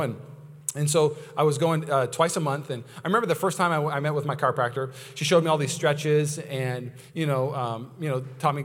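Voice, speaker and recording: A man's voice: mid-range voice, a bit bright, big-room sound. A man preaching a casual, chatty sermon as pastor, full of asides and stories. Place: church sanctuary.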